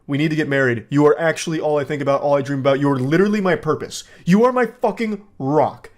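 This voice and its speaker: A man voicing an obsessed young man who pleads and then rages, in a high whiny voice. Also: quick pace, close to an everyday voice. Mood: gushing.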